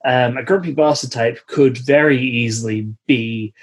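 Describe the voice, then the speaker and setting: A man's voice: medium pitch, moderate pace. A man co-hosting a comedy podcast, riffing casually with lots of fillers and jokes. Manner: rambling, joking, many fillers. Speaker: podcast co-host.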